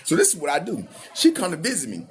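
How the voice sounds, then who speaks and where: A man telling a personal story in a casual, animated way, acting out the quoted lines. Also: fairly high pitch, quick pace, a little hiss or hum. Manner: animated, acts out every quote in his story.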